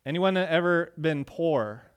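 A man's voice: on the high side, lively intonation, takes it slowly, clean tone. A man preaching a sermon to his congregation, talking casually and rising with emphasis when he reads out verses. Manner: conversational preaching, rising emphatic on quoted lines. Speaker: pastor.

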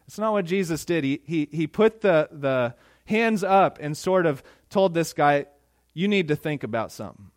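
A man preaching a sermon in a conversational, animated way, acting out quotes. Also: on the high side, moderate pace, dry recording, clean studio sound. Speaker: pastor.

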